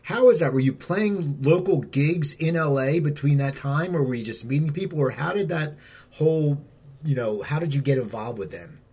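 A man's voice: on the high side, expressive, moderate pace, darkish tone, slightly rough. A man interviewing a guest, asking long questions with restarts.

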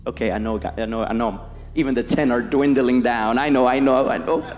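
A man preaching a sermon, animated and playful, acting out biblical voices for the congregation. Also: mid-range voice, a little fast, in a large hall, soft background music.

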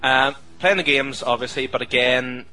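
A man's voice: mid-range voice, normal speed, bright, forceful tone. A man with a Northern Irish accent co-hosting a podcast, teasing his partner and steering the chat back on topic. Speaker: podcast co-host. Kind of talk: casual chat.

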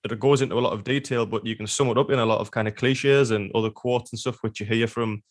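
A man's voice: medium pitch, steady tone, fast talker. A man co-hosting a podcast in casual chat, easygoing, often adding tag questions and filler words. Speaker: podcast co-host.

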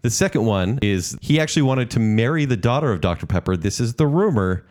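A man's voice: medium pitch, animated, brisk, darkish tone. A man co-hosting a casual podcast chat, telling trivia in a joking, easygoing way. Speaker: podcast co-host.

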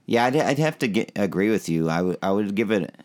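A man's voice: lowish voice, animated, brisk, a little mellow. A man co-hosting a casual podcast, talking hesitantly with frequent fillers and restarts. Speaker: podcast co-host. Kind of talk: casual chat.

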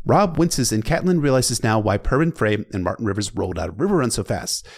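A man's voice: lowish voice, animated, fast talker, creaky, hardly any pauses. A man with sardonic, irreverent asides, giving a comedic reading and recap of a novel. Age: adult, past sixteen. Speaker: book recap narrator.

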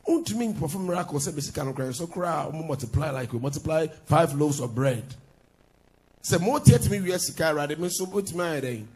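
A man's voice: fairly high pitch, expressive, fast, a little mellow, breathy edge. A man with a Ghanaian accent, a pastor preaching a sermon with sing-song lines and laughing asides, switching between English and Twi.

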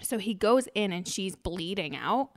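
A woman's voice: mid-range voice, expressive, unhurried, no room sound, clean studio sound. A woman in casual chat, recapping a TV episode with a friend, laughing often and acting out her reactions. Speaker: podcast co-host recapping a TV episode.

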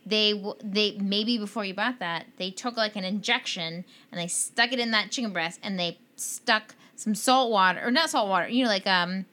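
A woman's voice: medium pitch, moderate pace, hardly any pauses, sharp tone. A woman co-hosting a casual podcast chat, rambling loosely with plenty of fillers. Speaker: podcast co-host.

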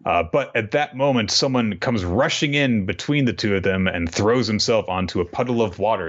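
A man with a lowish voice walks through a story in relaxed podcast chat, slipping into the characters' lines as he goes. The sound is dull and a bit lo-fi. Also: normal speed, hardly any pauses. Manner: recaps scenes by acting out the characters' lines. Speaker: podcast co-host recapping a manga. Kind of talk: casual chat. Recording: dull lo-fi recording.

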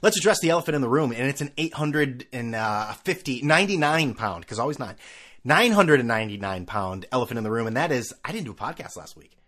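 A man's voice: mid-range voice, lively intonation, fast talker, fairly bright tone. A middle-aged man hosting his own podcast, rambling casually with sarcastic, self-mocking asides. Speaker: podcast host. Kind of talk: casual solo podcast rant.

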